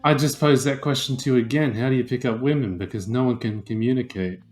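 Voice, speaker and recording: A man's voice: medium pitch, fast talker, a little mellow, soft background music. A man co-hosting a podcast, chatting casually with sarcastic, profane jokes. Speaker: podcast co-host. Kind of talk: casual chat.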